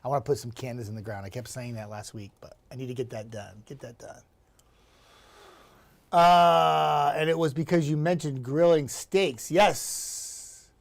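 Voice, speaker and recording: A man's voice: mid-range voice, measured pace, creaky. Chatty upbeat male meteorologist. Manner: chatty and upbeat, laughs often, greets viewers by name. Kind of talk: casual livestream chat reading viewer comments.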